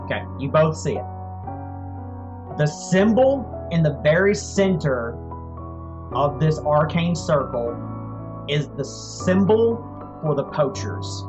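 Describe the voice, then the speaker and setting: A man narrating as game master of a tabletop game, telling the story in a slow, measured way. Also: on the high side, sing-song. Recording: dull lo-fi audio, faint music.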